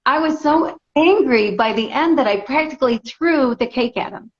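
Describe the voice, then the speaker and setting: A woman's voice: high voice, moderate pace. A middle-aged woman, a guest author, telling a personal story in casual conversation and acting out what people said. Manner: animated storyteller, acts out quotes. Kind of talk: casual interview chat. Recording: dull lo-fi audio.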